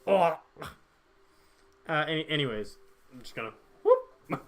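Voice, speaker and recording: A man's voice: a little high, wildly swooping pitch, unhurried, a little hiss or hum. A young man streaming a game, chatting casually and jokingly with his viewers while reading their chat aloud.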